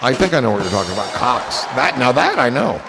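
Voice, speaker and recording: A man's voice: mid-range voice, sing-song, fast, big-room sound, over music, crowd noise. A man hosting a casual livestream, rambling in a goofy, profane way to his chat. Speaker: livestream host.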